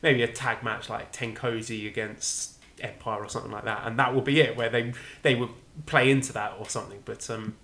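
Bright-voiced man giving wry recaps. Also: mid-range voice, steady tone. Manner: measured, wry play-by-play recap. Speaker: podcast co-host. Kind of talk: casual wrestling review chat.

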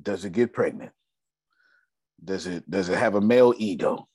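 Brief: raspy, low male finance speaker, animated, dry close sound. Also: moderate pace, no room sound. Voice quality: raspy, deep. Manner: preachy, calls on audience members by name. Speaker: speaker teaching personal finance. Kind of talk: lively motivational talk.

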